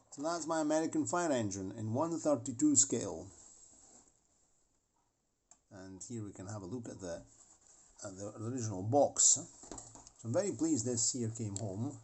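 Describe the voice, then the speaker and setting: A man's voice: medium pitch, a little slow, long pauses, mellow, husky. A middle-aged man in a casual show-and-tell vlog about a scale model he built at home, rambling and reading box text aloud before trailing off.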